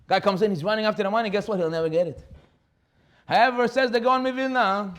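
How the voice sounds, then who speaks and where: A young man giving an animated, joking Torah class, who acts out characters and mixes in Hebrew words. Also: high-pitched, quick pace. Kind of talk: animated sermon with storytelling.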